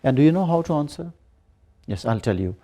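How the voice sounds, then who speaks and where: A man giving a grammar lecture, slowly explaining and repeating examples. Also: fairly high pitch, animated, mellow. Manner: explains slowly, repeats examples, demonstrates rising and falling tones. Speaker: English lecturer.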